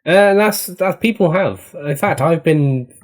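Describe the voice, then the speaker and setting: A man's voice: a little high, lively intonation, unhurried. A man co-hosting a podcast, laid-back and joking in casual chat. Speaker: podcast co-host.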